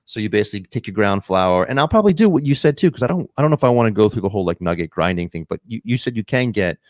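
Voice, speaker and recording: A man co-hosting a podcast in casual chat, halting and restarting as he asks curious questions. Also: on the low side, expressive, no echo, studio quality. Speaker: podcast co-host.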